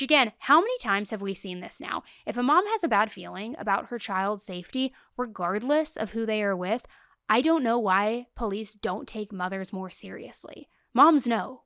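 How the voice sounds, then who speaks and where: A young woman talks through a true crime case like she is chatting with a friend, emphatic and openly indignant. Her voice is smooth and clean. The sound is dry and close to the mic. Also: a little high, a bit bright, no echo. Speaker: true crime podcast host. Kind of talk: casual true crime commentary.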